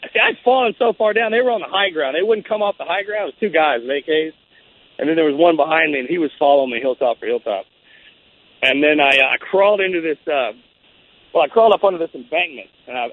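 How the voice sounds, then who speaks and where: A man's voice: on the high side, narrow, tinny audio. A man being interviewed, telling a long story in a casual, rambling way, often saying man and bro. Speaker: guest.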